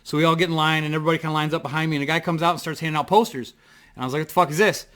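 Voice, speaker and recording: Excitable, bright-voiced man telling a story. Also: fairly high pitch, very fast. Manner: rambling, excitable, lots of fillers and swearing. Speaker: vlogger. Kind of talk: casual storytelling to camera. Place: home desk in front of a computer.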